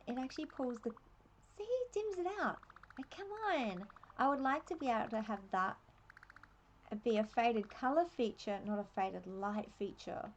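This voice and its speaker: An Australian woman streaming a game, chatting and thinking aloud in a relaxed, laughing way. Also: fairly high pitch, a little hiss or hum. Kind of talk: casual live-stream commentary.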